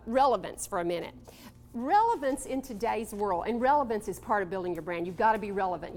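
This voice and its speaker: Animated woman speaker addressing a crowd. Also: fairly high pitch. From Texas. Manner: animated, coaxing, calls on audience members. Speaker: motivational speaker. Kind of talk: live motivational talk to an audience. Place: event room with an audience.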